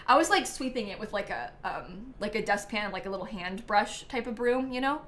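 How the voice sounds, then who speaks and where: A woman's voice: mid-range voice, animated, brisk, a bit bright, a little hiss or hum. A woman hosting a casual live stream, chatty and giggly, full of ums and likes as she thanks viewers by name. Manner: reads out viewer names and thanks. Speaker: livestream host.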